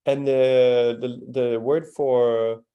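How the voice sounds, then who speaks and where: A man's voice: mid-range voice, little pitch movement, drawn-out words, clean tone, lo-fi sound. A man teaching a live language class, patiently demonstrating sounds and encouraging students.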